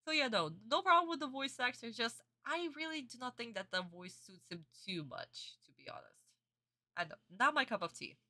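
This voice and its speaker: The voice is a little high, expressive, and bright with a forceful edge, at normal speed. It belongs to a young adult woman casually reacting to a cartoon episode on stream, calling viewers honey and sweeties as she answers their comments.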